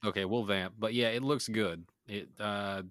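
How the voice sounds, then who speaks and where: A man's voice: on the low side, normal speed, a bit bright, no room sound, studio quality. A man co-hosting a casual podcast, joking around and explaining the show's dice game in a loose, easygoing way. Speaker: podcast co-host.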